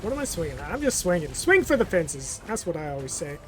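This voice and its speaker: A man's voice: on the high side, big pitch swings, fast. A man giving casual let's play commentary as he games, talking to himself in a jokey, self-mocking way.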